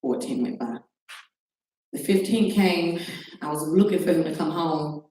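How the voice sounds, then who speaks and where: A woman's voice: deep voice, lively intonation, measured pace, mellow. A middle-aged woman giving a personal account as a talk show guest, acting out the phone calls she describes. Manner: recounts events by acting out quoted phone calls. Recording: very echoey room, distant mic, faint noise.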